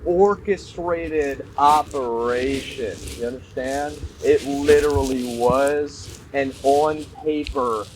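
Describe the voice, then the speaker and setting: A man's voice: mid-range voice, slow pace, hardly any pauses. A man giving a casual commentary, emphatic and repetitive, ranting conspiratorially and calling his viewers y'all. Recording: noisy background.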